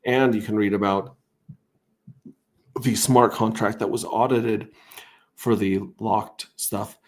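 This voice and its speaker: A man's voice: lowish voice, fairly even intonation, takes it slowly, darkish tone. A man hosting a casual crypto livestream, talking through charts in a rambling, self-interrupting way with wry asides.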